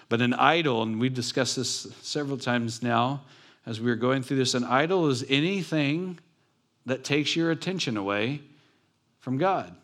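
A man's voice: medium pitch, fairly bright tone. A man preaching a sermon in a church, talking in a conversational, joking way with his congregation. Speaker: pastor. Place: church building.

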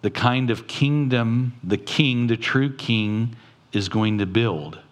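A man preaching a sermon as a pastor, quoting scripture and talking plainly to the congregation, his voice rising at times. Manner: preaching slowly, quoting scripture, with sudden rises in pitch.

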